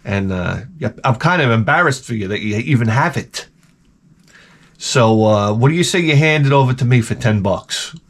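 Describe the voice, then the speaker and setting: Speaking at a moderate pace in a mid-range voice, a middle-aged man vents to camera from home. His vlog is loose, profane and sarcastic, full of animated storytelling and cursing.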